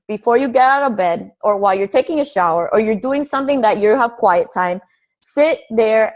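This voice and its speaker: A woman coaches her team in a blunt, profane pep talk on a group call. Her voice sits a little high. She talks plainly and pushes her listeners hard. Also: low-quality recording.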